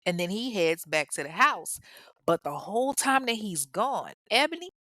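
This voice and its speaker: A woman hosts a podcast and tells a true-crime story in a casual, sassy way, full of profane jokes. Her pitch rises and falls freely. The recording is close and dry, with no room sound. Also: sing-song, normal speed, pushed and bright, dry recording. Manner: sassy, profane, humorous asides. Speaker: podcast host.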